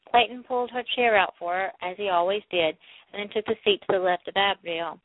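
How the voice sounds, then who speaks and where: A woman's voice: medium pitch, brisk, dry recording. Woman reading a novel over a tinny line. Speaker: audiobook narrator. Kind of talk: novel reading with light character voices. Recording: dry, tinny phone-like sound.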